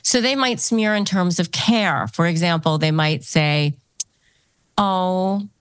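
A woman's voice: fairly low pitch, lively intonation, unhurried, no echo. A woman hosting a podcast interview who gives advice in an explanatory way and repeats key phrases for emphasis. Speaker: podcast host.

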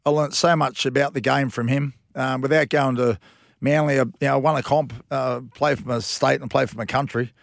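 A gravelly-voiced Australian man in his fifties spins long, slangy stories from his playing days. His voice sits at an average pitch with a rough, fry-laden edge. The sound is close and dry, with no room around it. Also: fairly even intonation, a little fast, no echo. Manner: rambling anecdotes, blokey slang. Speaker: former rugby league player, guest. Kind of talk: casual storytelling interview.

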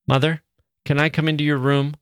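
A man's voice: a little high, flat delivery, brisk, clean tone, no echo, clean studio sound, voice pushed up, lightly acted. A man reading aloud, voicing an anxious, tender-hearted young woman who pleads earnestly. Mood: pleading.

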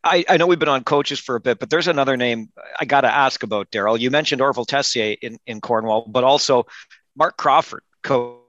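A man's voice: medium pitch, a little fast, a bit bright, no echo. A man hosting a podcast, asking a guest a conversational interview question. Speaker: podcast host. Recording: dry, dull lo-fi audio.

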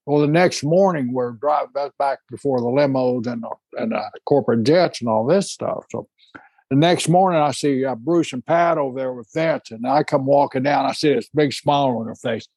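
A man in his sixties co-hosts a casual chat, telling stories in a folksy, unhurried way. His voice sits in a middle pitch. The sound is close and dry, with no room in it. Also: darkish tone, no echo. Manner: folksy, drawn-out storytelling with laughs. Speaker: podcast co-host.

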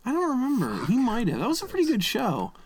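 A man's voice: very high voice, wildly swooping pitch, quick pace, husky. A man co-hosting a podcast, chatting casually with dry, teasing banter. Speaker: podcast co-host. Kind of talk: casual chat. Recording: loud background noise.

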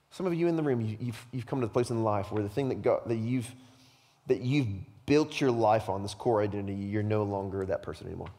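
A male pastor preaching a sermon, impassioned and tearful, swinging from hushed words to loud bursts. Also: lowish voice. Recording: long hall reverb.

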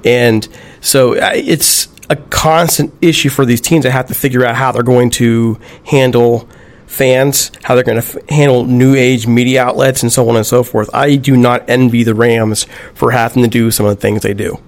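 A man co-hosting a sports podcast, talking in a thoughtful, slightly halting way. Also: medium pitch, steady tone. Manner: thoughtful, a bit halting, restarts. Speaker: podcast co-host. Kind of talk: casual sports chat.

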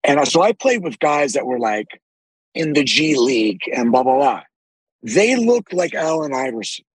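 A man with a deep, raspy voice, telling animated stories with frequent swearing as a podcast guest. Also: moderate pace, dry recording, low-quality recording. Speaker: actor guest. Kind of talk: casual podcast interview.

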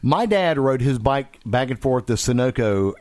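A man's voice: mid-range voice, lively intonation, moderate pace, darkish tone, no room sound. A man co-hosting a podcast, teasing the others and laughing often in casual chat. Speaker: podcast co-host.

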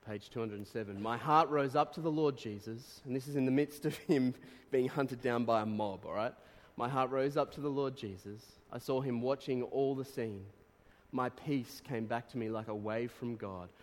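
Preacher with a ringing hall reverb. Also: male voice, mid-range voice, moderate pace. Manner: reads quotes aloud, bursts into animated exclamations. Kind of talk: sermon.

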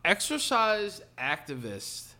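A man's voice: high-pitched, wildly swooping pitch, takes it slowly, bright, forceful tone. A young man co-hosting a comedy podcast, riffing in casual banter, swearing freely and slipping into mocking voices. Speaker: podcast co-host.

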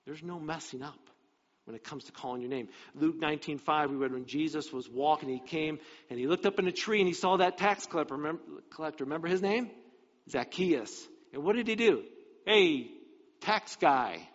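A male pastor preaching a sermon in an animated way, acting out the dialogue from scripture. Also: fairly high pitch, a little fast. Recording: dull, reverberant hall sound.

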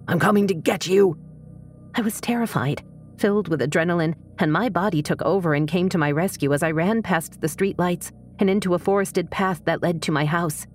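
Low-voiced woman narrating a true story. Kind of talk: scripted first-person story narration.

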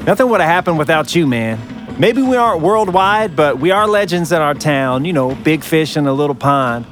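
A lively, teasing former bandmate, as a man acts him out in an audio drama, his somewhat high voice leaping up and down. Music plays clearly underneath him. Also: moderate pace. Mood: bantering. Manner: teasing, laughing, animated. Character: teasing male former band member. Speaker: actor.

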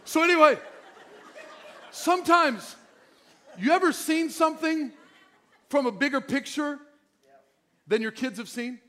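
Man, middle-aged, pastor, lively joking sermon, very high voice. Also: measured pace, pauses often. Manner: animated, joking preaching.

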